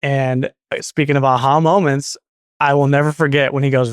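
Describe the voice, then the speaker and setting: Guest man, 30s, chatty and meandering, slips into quoted voices; mid-pitched, dry booth sound. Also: level tone, normal speed, clear, resonant tone, no room sound. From Portland, Oregon. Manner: rambling, self-correcting, acts out quoted dialogue. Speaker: guest, garage door business owner. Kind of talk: casual interview storytelling.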